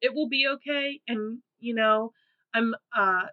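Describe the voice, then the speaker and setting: A woman's voice: on the high side, measured pace, dull audio. A young woman hosting her own podcast, talking casually and upbeat with frequent fillers and easy laughter. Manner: chatty and upbeat, laughs easily, many fillers. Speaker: podcast host. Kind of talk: casual solo podcast monologue.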